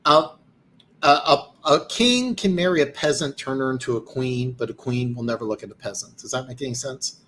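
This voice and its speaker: A mid-range, fairly bright voice at normal speed, with slight background noise. He hosts a live football stream and reads comments, tired and losing his voice, rambling boastfully and restarting often.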